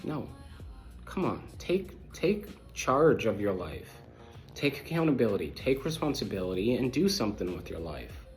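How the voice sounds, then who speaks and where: Blunt, low-voiced man rambling to viewers. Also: very animated, normal speed, faint music behind. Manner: repetitive, emphatic, jumps between thoughts; blunt and preachy toward listeners. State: manic, disorganized thoughts. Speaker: podcast host. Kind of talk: casual monologue to viewers.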